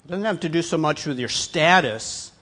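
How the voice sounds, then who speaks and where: A middle-aged man preaching a sermon with a fairly high voice. He drops to a hushed, soft tone for personal stories, then builds to loud, emphatic preaching. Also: animated, moderate pace, husky. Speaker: pastor.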